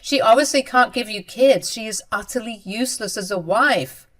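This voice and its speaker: A woman's voice: fairly high pitch, normal speed, fairly bright tone. A woman voicing a spiteful, smug young sister-in-law in a dramatized story. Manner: smug, dismissive.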